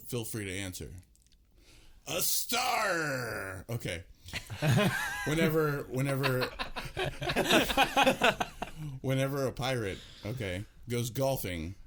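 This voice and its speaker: A man's voice: medium pitch, big pitch swings, a little slow, pauses often, noisy background. A man hosting a podcast in casual chat, teasing and joking with his guests. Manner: jokey, teasing, laughs often. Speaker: podcast host.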